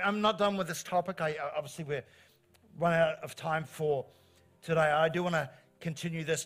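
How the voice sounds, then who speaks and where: Speaking in a slightly high voice, the middle-aged New Zealand pastor delivers his sermon with animation and encouragement. He leans on repetition to drive his points home.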